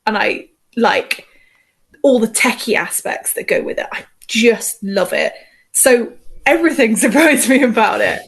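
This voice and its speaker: A woman's voice: fairly high pitch, expressive, unhurried, vocal fry, a bit bright, breathy edge. A woman chatting on a podcast, earnest and enthusiastic about the craft. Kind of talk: casual podcast chat.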